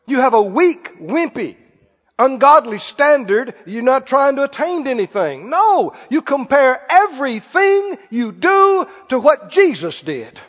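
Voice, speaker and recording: A man's voice: very high voice, very animated, a little slow, fairly bright tone, long reverb tail, lo-fi sound. A man preaching a sermon in a church, emphatic and calling out questions for the congregation to answer.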